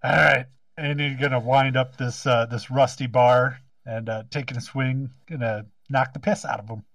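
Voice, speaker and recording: A man's voice: mid-range voice, steady tone, moderate pace, vocal fry, fairly bright tone. An easygoing man with a mid-range voice plays a tabletop game. He is recorded at some distance from the mic, with a dry sound and no room echo. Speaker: player. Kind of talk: casual tabletop play.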